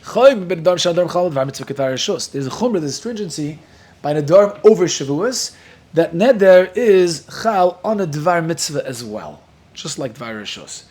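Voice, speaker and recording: A man whose first language is Yiddish, teaching a Talmud class in a lively, joking way. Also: fairly high pitch, moderate pace, breathy edge. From Williamsburg, Brooklyn. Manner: lively, joking, mixes Hebrew and Yiddish terms into English.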